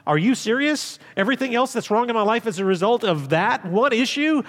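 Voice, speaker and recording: A middle-aged man preaching a sermon as pastor, telling stories and swinging from loud emphasis to hushed asides. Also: very high-pitched, animated, a little fast, in a large hall.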